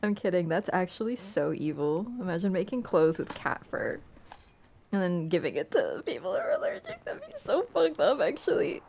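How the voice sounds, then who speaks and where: A woman's voice: on the low side, wildly swooping pitch, normal speed, darkish tone, slight background noise. A woman game streamer in casual live-stream chat, playful and chatty, talking to her cat between lines and laughing easily. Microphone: wearing an earbud headset.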